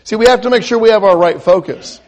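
Speaking at a quick pace in a high, slightly mellow voice, a man preaches a sermon. He repeatedly asks his listeners questions, swells to emphatic crescendos, and frequently restarts and repeats himself.

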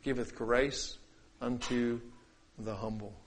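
A man preaching a sermon, acting out quoted voices and scripture, swinging between loud declaiming and quiet asides. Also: medium pitch, steady tone, slow pace. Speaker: pastor.

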